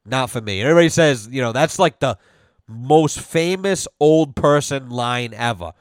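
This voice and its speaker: A man's voice: mid-range voice, expressive, normal speed, no room sound, clean studio sound. A man ranting bluntly and sarcastically as a podcast host, swearing constantly. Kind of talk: casual profane rant.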